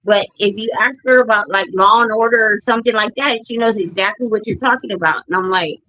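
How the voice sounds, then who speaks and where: Woman, mid-pitch, candid storyteller in casual chat, slightly dull dry sound. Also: quick pace, sharp tone, dry recording. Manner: candid, laughs while telling family stories. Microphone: streaming mic.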